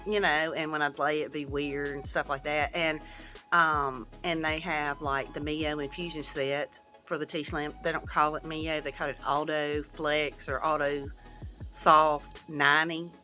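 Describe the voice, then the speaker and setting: A woman's voice: sits low, flat delivery, measured pace, bright, forceful tone, soft background music. A middle-aged woman, giving a candid, venting vlog update and swearing freely. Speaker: vlogger.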